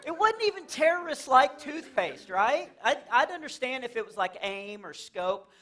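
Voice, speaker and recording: High, bright-voiced man doing stand-up. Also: moderate pace, some chatter behind, a little hiss or hum. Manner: animated storyteller, acts out characters, laughs at own jokes. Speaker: stand-up comedian. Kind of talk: stand-up comedy set. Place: church stage before a laughing audience.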